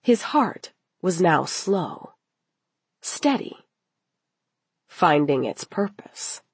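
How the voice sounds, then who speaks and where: Female audiobook narrator, low-ish voice, measured dramatic delivery, husky tone. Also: no room sound. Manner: slow, measured, dramatic reading.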